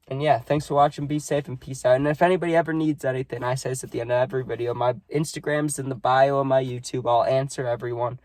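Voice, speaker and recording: A sad, subdued man rambles casually to his viewers with lots of fillers. His voice sits in a middle pitch. The sound is dry and close, with no room echo. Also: fairly even intonation, quick pace, hardly any pauses, darkish tone. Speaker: vlogger. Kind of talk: casual vlog talk.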